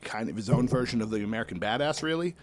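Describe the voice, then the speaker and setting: A man casually commentating and thinking aloud while ranking tag teams, weighing options with excited outbursts and playful asides. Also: mid-range voice, fast. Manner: self-deprecating, playful asides. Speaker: host ranking a wrestling tag team bracket.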